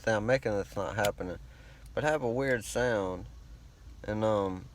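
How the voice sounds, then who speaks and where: A man's voice: on the low side, unhurried, a little hiss or hum. A man with a rural American country accent and a laid-back drawl, talking in a rambling, profane, self-conscious vlog monologue. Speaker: vlogger.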